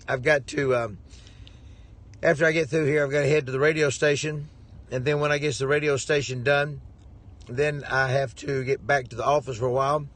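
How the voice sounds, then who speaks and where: A man's voice: medium pitch, fairly bright tone. A man, a preacher, telling a rambling, jovial story to his viewers with lots of chuckling. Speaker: preacher and ministry head.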